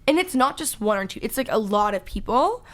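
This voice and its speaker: A young woman in her twenties hosts a podcast in a loud, chatty way, with a Valley Girl accent. She is from Texas. Her voice sits a bit high for a woman, and she fills her talk with "like.". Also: very animated, a little fast. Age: 20s. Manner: loud, chatty, says "like" a lot. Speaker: podcast host. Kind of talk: casual chat.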